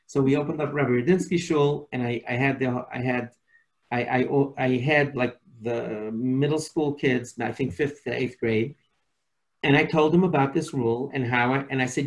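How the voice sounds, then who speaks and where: A man, a school principal, telling stories to an audience in an animated way, with many restarts and acted-out dialogue. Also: medium pitch, normal speed, rough recording. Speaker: school principal giving a talk. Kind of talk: casual lecture with audience questions.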